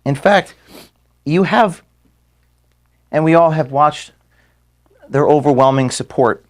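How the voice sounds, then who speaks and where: A man close to tears giving a halting farewell address to his staff from an office room, repeating words and apologizing for his emotion. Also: fairly high pitch.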